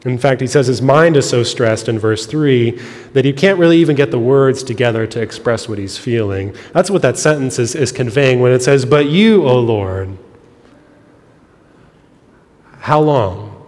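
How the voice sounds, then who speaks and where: Man, pastor, sermon, earnest, explanatory, mid pitch, long church hall reverb. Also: fairly quick. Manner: earnest, explanatory, softening to quiet on heavy lines. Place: church sanctuary.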